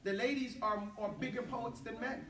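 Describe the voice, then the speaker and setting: Brief: high-pitched male teacher, joking and easygoing, in an echoey classroom heard from a distance. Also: steady tone, normal speed, crowd noise. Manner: playful, joking, switching between English and Arabic. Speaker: Arabic teacher.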